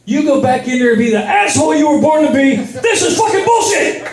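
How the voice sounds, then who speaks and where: Guy doing his wife yelling, way higher than his voice, big echoey room from a distance. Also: lively intonation, moderate pace. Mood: fired up. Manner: shouting, urgent repetition. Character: exasperated wife, scolding then fired up. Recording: roomy venue sound from a distance.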